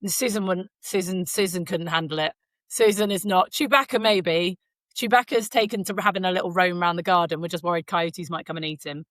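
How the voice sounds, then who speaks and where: A woman with a lowish, fairly bright voice and fairly even intonation speaks briskly on a dry recording. She co-hosts a Canadian podcast, telling stories in a loose, rambling way packed with fillers.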